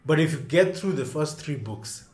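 A man's voice: on the high side, expressive, normal speed, a little mellow, echoey room. A man chatting casually as a podcast guest, hesitant, with many restarts and fillers. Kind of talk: casual chat.

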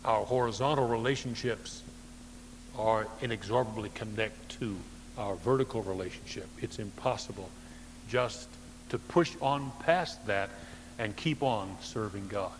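A man preaching a sermon as pastor, emphatic, rising to loud stresses and dropping to soft low phrases, with dry humorous asides. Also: expressive, unhurried, in a large hall, a little hiss or hum, rough recording. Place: church sanctuary.

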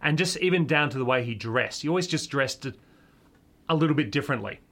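A man's voice: medium pitch, lively intonation, fast, fairly bright tone. A man co-hosting a podcast, chatting casually and enthusiastically about a film he loved, with many fillers and restarts. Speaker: podcast co-host. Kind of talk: casual film review chat.

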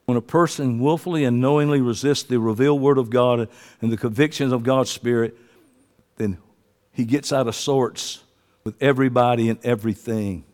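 A man preaching a sermon in a folksy, joking way, swinging into loud, excited preaching. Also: medium pitch. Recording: long hall reverb.

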